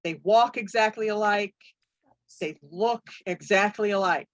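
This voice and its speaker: A woman runs a tabletop game and narrates the scene slowly, pausing often with fillers. Her voice is recorded dry and close. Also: medium pitch, no echo. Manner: halting, with many fillers. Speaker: game master.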